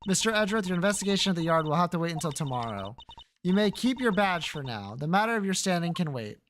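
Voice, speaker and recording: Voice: mid-range voice, sing-song, fast, a bit bright, a little hiss or hum. A streamer voicing a stern female judge in a video game. She speaks in formal, clipped pronouncements.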